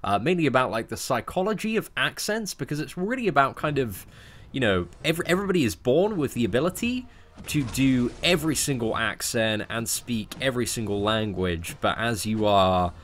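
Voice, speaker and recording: A man's voice: mid-range voice, expressive, fairly quick, fairly bright tone, a little hiss or hum. A young man with a southern English accent, a streamer chatting casually on a call, laughing and rambling with lots of "man" and "like". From England. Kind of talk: casual chat.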